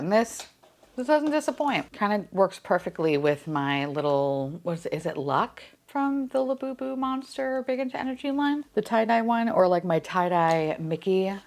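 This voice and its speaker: A young woman chats casually while unboxing collectibles, excitable, laughing often and swearing freely. Her voice is on the low side.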